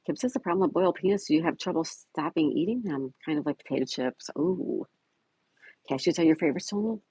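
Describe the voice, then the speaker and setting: Husky man hosting a chatty livestream. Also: fairly high pitch, expressive, quick pace, dark tone, no echo, low-quality recording. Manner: reads viewer comments aloud and greets chatters by name. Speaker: livestream host. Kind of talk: casual livestream chat. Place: home in Florida.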